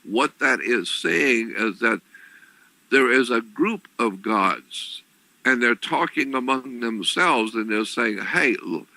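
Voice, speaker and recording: A man giving an explanatory talk on religion, deliberate and repetitive, often clearing his throat. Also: medium pitch, lively intonation, sharp tone, dry recording, low-quality recording. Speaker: lecturer on religion.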